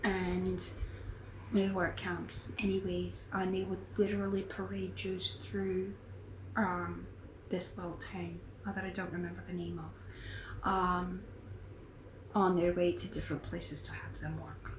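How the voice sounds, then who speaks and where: A woman's voice: lowish voice, flat delivery, measured pace. A woman hosting a knitting podcast, talking in an earnest, rambling, heartfelt way. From United States. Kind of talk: casual chat. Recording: echoey room with faint noise.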